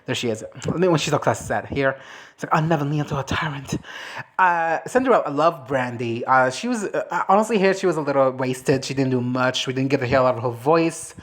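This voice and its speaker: A woman chatting casually as a movie reviewer, animated and swearing, breaking into quick impressions of characters. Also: very deep voice. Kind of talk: casual reaction chat.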